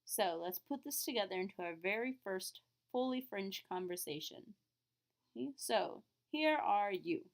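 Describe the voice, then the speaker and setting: A woman French teacher explaining phrases to her students, clearly and patiently, modeling each word slowly. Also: mid-range voice. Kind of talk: classroom lesson recording.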